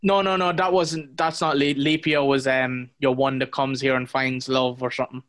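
A man's voice: medium pitch, little pitch movement, moderate pace, a bit bright. An Irish man co-hosting a podcast, ranting in a rambling, repetitive way about bad film accents. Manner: rambling, repetitive, exasperated rants. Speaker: podcast co-host. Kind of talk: casual chat.

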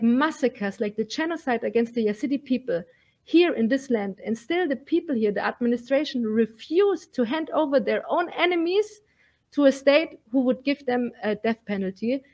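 A woman's voice: sits high, lively intonation, moderate pace, a little mellow. A woman guest in an interview, talking earnestly and emphatically, with many fillers. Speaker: guest, militia fighter.

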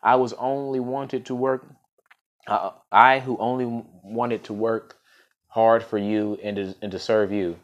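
A man voicing a gentle, loyal and patient talking ox in a folk tale. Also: on the low side, fairly even intonation, measured pace, lo-fi sound, lightly acted.

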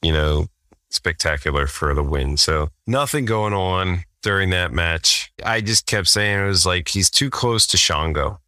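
A deep-voiced man chatting casually on a podcast, wry and laid-back as he reviews old wrestling episodes. His tone is bright and forceful, and the recording is dry and close. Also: a little slow, no echo. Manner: laid-back, wry, frequent laughs and fillers. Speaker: podcast co-host.

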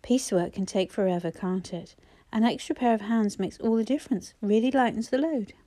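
A woman voicing a calm, persuasive male schoolteacher who keeps his voice low, smooth and measured. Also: close to an everyday voice.

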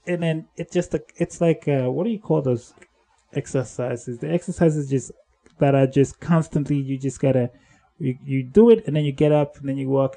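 A man's voice: creaky, warm tone. A man hosting a solo podcast, talking casually in a rambling way and correcting himself as he goes. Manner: rambling, self-correcting, drifts between upbeat and low-key. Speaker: podcast host.

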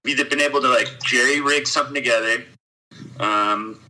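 A man's voice: medium pitch, brisk, bright, forceful tone, rough recording. A man chatting casually on a podcast, rambling and swearing, full of "dude" and "you know". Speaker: podcast co-host, cycle traveler.

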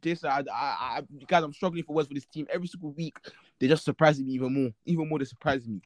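Young male co-host, raised pitch, fed-up fan venting and repeating himself, dry close sound. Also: quick pace, no echo. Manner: exasperated, laughing at himself, repeats himself. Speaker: podcast co-host. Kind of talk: casual football chat.

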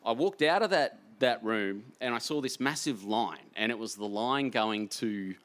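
A man, an author, telling rambling, animated stories in a live on-stage interview. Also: mid-range voice, moderate pace. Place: stage before a live audience.

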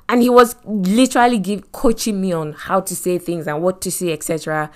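A middle-aged woman from Nigeria with a Nigerian accent, telling a personal story in a motivational faith talk, animated, with many asides and repeated phrases. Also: on the low side, brisk, hardly any pauses. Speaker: podcast host and Christian speaker.

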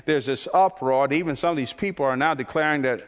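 A man preaching a sermon as pastor, impassioned and repetitive, his voice climbing toward near shouts. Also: fairly high pitch, fast, in a large hall.

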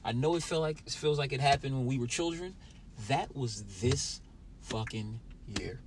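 A man's voice: mid-range voice, normal speed, noisy background. A young man hosting a podcast, ranting with lots of swearing and talking straight at his listeners in a sour, angry mood. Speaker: podcast host. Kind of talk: profane solo podcast rant.

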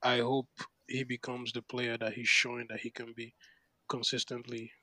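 A man co-hosting a laid-back podcast, talking at a mid pitch in long, rambling runs full of "you know" and "like." His delivery is animated and rises with excitement. The sound is dry and close. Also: normal speed, no echo, poor audio. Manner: animated, rambling with many fillers. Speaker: podcast co-host. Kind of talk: casual chat.

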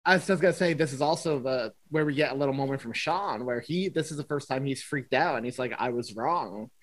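A man's voice: mid-range voice, fast talker, rough recording. A man co-hosting a podcast, chatting casually and keenly pointing out his favorite moments. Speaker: podcast co-host. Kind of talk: casual chat recapping a TV episode.

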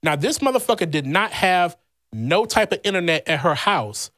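A man from Louisiana, a podcast host, telling a rambling, animated personal story in casual chat, swearing freely. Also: high voice, normal speed, dry recording, clean studio sound. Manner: heavy swearing, blunt and animated; rambling with many fillers.

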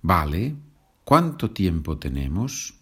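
A man with a Spanish accent, teaching a Spanish lesson in a slow and patient way and moving between example sentences and explanations. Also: sits low, big pitch swings, fairly bright tone, husky. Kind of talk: language lesson podcast.

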